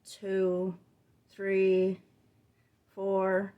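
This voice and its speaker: A woman's voice: mid-range voice, completely flat delivery, extremely slow, dark tone, dull audio. A woman giving a casual reading update on her book channel, chatty and rambling, full of tangents and filler words. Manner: chatty and exasperated when complaining. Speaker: book vlogger.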